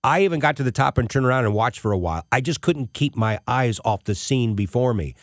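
A man's voice: mid-range voice, lively intonation, brisk, no room sound, clean studio sound. A middle-aged man hosting a show, telling a personal story in an emotional, tearful way. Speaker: host.

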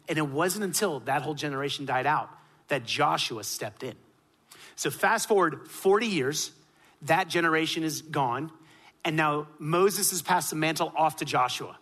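A man preaching a sermon emphatically, rising to loud peaks and dropping to hushed lines. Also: fairly high pitch.

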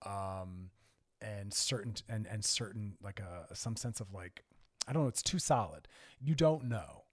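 A man's voice: lowish voice, darkish tone. A man hosting a radio advice show, speaking directly and earnestly as he coaches listeners in a conversational way. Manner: conversational with frequent "like" and "I don't know". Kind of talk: frank advice talk on air.

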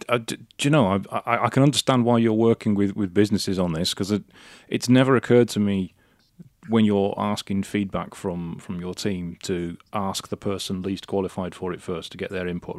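A male podcast host talks eagerly, tripping over repeated words as he gets his thoughts out. His voice is low and gravelly, recorded dry and close. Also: darkish tone, no echo. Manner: eager, stammering restarts. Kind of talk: podcast interview talk.

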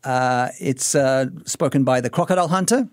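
A man's voice: mid-range voice, normal speed, no echo, studio quality. A man with an Australian accent hosting a casual radio chat, explaining things with lots of fillers and restarts. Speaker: radio host. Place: radio studio. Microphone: studio microphone.

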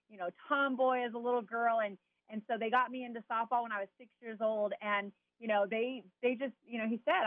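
A woman from Southern California, a former softball player, talking easygoing as an interview guest with lots of "you know" and "um". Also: on the high side, no room sound, phone-quality sound. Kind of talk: casual interview chat.

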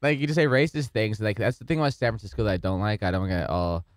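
A man with a lowish, smooth voice chats as a comedian guest on a podcast. He jokes and mocks himself in an easy, offhand way. The sound is close and dry. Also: fast talker, no echo. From San Diego area, USA. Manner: joking, self-mocking. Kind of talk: casual podcast chat.

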